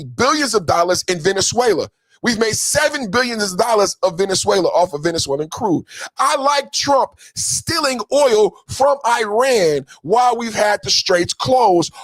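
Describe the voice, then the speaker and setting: A man's voice: high-pitched, no room sound. A man hosting a podcast, delivering an emphatic political commentary rant with taunting, sing-song jabs. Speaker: podcast host.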